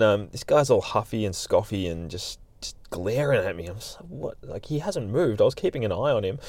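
A man's voice: on the low side, mellow, no room sound. A man hosting a podcast, telling a story in a chatty, laid-back way. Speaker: podcast host, dog trainer. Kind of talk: casual storytelling monologue.

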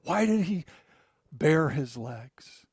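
A man preaching a sermon as pastor, swinging between loud emphatic lines and hushed, low passages. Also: sing-song, slow pace, slightly rough, no echo, studio quality.

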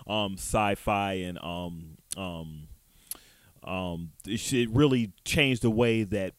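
A man co-hosting a casual podcast chat, speaking hesitantly with frequent pauses and restarts. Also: low-pitched, no room sound, studio quality. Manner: hesitant, many ums and restarts. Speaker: podcast co-host.

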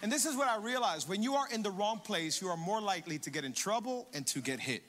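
A young adult man preaching a sermon as pastor, animated and calling the congregation to respond. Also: high voice, fast talker, hardly any pauses, a crowd in the background. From Hialeah, Florida. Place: large church auditorium. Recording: long hall reverb with faint music.

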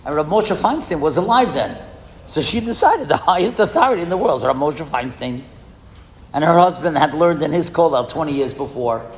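A man giving a storytelling speech in a school hall, lively and asking the audience questions. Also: on the high side, moderate pace, a little hiss or hum. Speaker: speaker addressing a school audience. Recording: echoey hall with long reverb.

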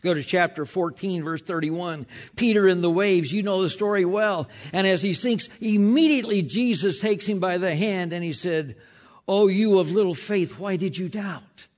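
In his sermon, a man preaching as pastor is emphatic, regularly slowing and going quiet on the key points, and he often repeats words when restarting. He has a high voice.

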